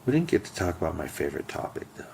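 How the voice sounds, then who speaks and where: A man's voice: very deep voice, sing-song, rapid-fire, vocal fry, a little mellow, slight background noise. A man co-hosting a podcast in casual chat, emphatic and teasing. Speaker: podcast co-host.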